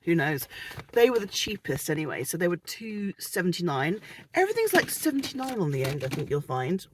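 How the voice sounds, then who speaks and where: A British woman chatting casually through a shopping haul, self-mocking and quick with giggly asides, recorded in a parked car. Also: lowish voice, very animated, a little hiss or hum. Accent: British English. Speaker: vlogger.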